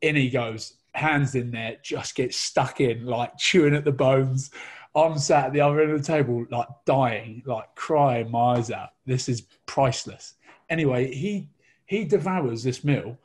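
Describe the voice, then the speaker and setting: A man's voice: medium pitch, a little slow, breathy edge. A man telling a long comic anecdote, rambling and laughing as he goes. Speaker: guest storyteller.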